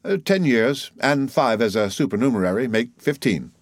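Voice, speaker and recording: A man's voice: medium pitch, animated, moderate pace, no room sound, natural voice. A man voicing a humble middle-aged telegraph keeper who is earnest, timid and respectful, in an audiobook reading. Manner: eager, anxious, respectful.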